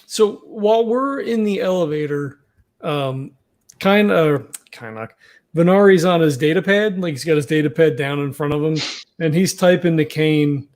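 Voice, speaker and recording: A man at a tabletop game table describing what his character does, with a somewhat high voice. He stops often and fills the gaps with um and uh as he works out his move. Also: normal speed, darkish tone.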